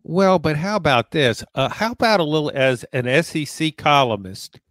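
A man's voice: fairly high pitch, animated, normal speed, fairly bright tone, dry recording. A man from Louisiana co-hosting a sports podcast, ribbing his partner in a mock-stern way. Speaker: podcast co-host, columnist. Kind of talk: casual sports podcast chat.

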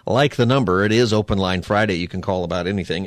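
Fast-talking, low-voiced male radio host. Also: dry recording. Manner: fast-talking, chatty, jokey asides. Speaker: radio talk show host. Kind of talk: casual radio talk. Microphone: studio microphone.

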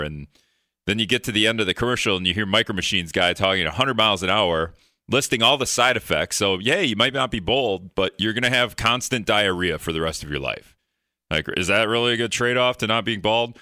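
A man's voice: on the low side, animated, brisk, pushed and bright, no room sound, clean studio sound. A man hosting a call-in radio talk show, rambling in a joking way and acting out exasperated reactions.

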